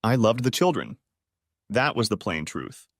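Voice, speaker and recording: Male audiobook narrator, bitter and dramatic, lively intonation, dry close sound. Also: fairly low pitch, a little slow, dry recording. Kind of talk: first-person audiobook narration.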